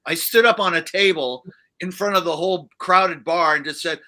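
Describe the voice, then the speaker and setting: A man's voice: on the high side, moderate pace, bright, forceful tone. A man, a guest musician, telling a rambling story in casual chat on a livestream, with many fillers and restarts. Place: livestream studio.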